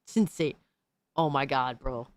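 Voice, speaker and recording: A woman livestreamer in casual, profane chat, excitably reacting to videos and thanking viewers by name. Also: very deep voice, unhurried, no room sound.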